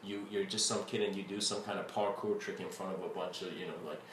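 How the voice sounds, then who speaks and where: A man's voice: low voice, flat delivery, quick pace. Rambling man in a roomy space. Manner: rambling, full of fillers and restarts. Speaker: spiritual lecturer. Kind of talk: casual spoken lecture. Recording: roomy with faint ambient noise.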